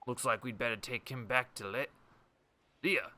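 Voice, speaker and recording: A man voicing a cheeky small male fairy sidekick from a game, loud and full of slang. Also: mid-range voice, normal speed, a little hiss or hum, voice pushed up. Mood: concerned. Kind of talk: reading game dialogue aloud in character.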